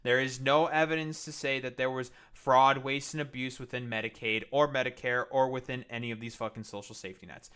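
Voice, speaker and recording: Bright-voiced young man, profane reactions. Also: mid-range voice, fairly even intonation, fairly quick, few pauses, clean tone. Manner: profane, sarcastic interjections. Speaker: streamer reacting to news clips. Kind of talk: casual reaction commentary.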